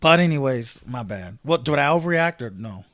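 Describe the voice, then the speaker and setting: A man co-hosting a casual podcast, telling a story in an animated way and acting out both sides of an argument. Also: medium pitch, normal speed, no echo, clean studio sound. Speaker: podcast co-host.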